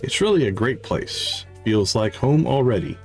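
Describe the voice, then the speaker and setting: A man's voice: mid-range voice, animated, moderate pace, natural voice. A man reading aloud the lines of a weary middle-aged woman who drinks too much and feels something is missing, in his own plain voice. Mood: wistful. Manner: reads game dialogue aloud in a plain voice. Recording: faint game music behind.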